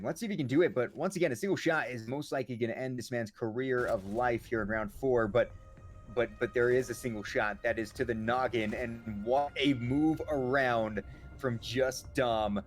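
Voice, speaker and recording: A man calling an esports match play-by-play, excitable and joking around between the action. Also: medium pitch. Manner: excitable, jokey banter between calls. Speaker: esports caster.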